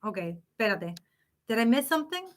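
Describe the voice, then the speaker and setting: A woman hosting a live psychic stream, chatting casually and telling stories in an animated way. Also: fairly high pitch, brisk.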